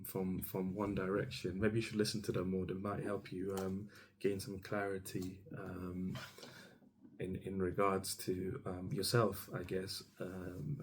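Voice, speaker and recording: A man's voice: sits low, a little hiss or hum. A man giving an intuitive tarot reading straight to the listener as "you", meandering and hesitant, full of ums and restarts. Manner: speaks directly to the listener as "you". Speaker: tarot reader.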